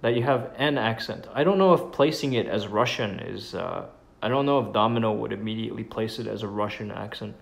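A man hosting a casual chat, relaxed and slangy as he encourages his guest. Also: fairly low pitch, fairly quick, gravelly, echoey room. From Canada. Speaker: host.

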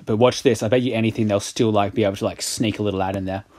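A man's voice: fairly low pitch, steady tone, racing, darkish tone. A young man giving casual gameplay commentary, sarcastic and exasperated and swearing a lot at the game. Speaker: gaming YouTuber.

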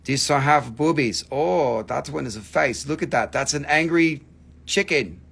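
A man's voice: a little high, a little slow, gravelly, a bit bright, breathy edge. A man hosting a casual live stream where he sells rocks and crystals, joking, rambling, and swearing freely. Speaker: crystal shop host.

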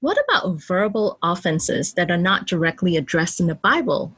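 A woman's voice: on the low side, animated, normal speed, breathy edge, dry recording. A young woman, a podcast host and mother, asking questions and affirming her guest. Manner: warm affirming interjections, questions. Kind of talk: interview podcast chat.

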